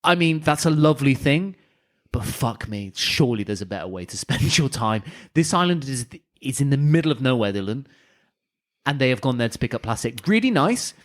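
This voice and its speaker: A man's voice: mid-range voice, sing-song, a little fast. A young man co-hosting an improvised comedy podcast, rambling and swearing as he tells a story. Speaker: podcast co-host.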